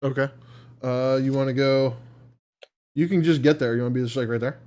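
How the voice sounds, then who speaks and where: A man running a live tabletop game as dungeon master, easygoing and quick to laugh. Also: mid-range voice, steady tone, darkish tone.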